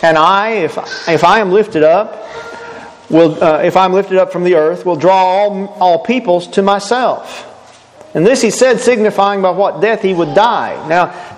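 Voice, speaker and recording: A man's voice: sits high, big-room sound, low-quality recording. A man preaching a sermon earnestly, asking rhetorical questions and stressing his points.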